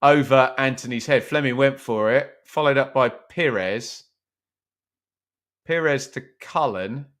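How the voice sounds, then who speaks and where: A man's voice: medium pitch, slow pace, a bit bright. A man hosting a live football watch-along, chatting casually, joking about himself and answering viewers' comments. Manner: chatty, self-mocking, reads chat aloud.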